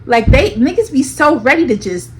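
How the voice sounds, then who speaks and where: Young female vlogger, slightly high voice, casual and animated, talks straight to viewers. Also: normal speed. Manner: animated, dramatic, slang-heavy, addresses viewers as y'all. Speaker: storytime vlogger. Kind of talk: casual storytelling.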